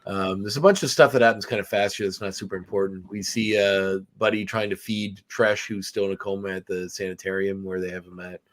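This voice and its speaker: A man's voice: low voice, fairly even intonation, fairly quick, few pauses. A man hosting a podcast, casually recapping a film with many fillers and restarts. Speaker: podcast host. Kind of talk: casual movie review chat.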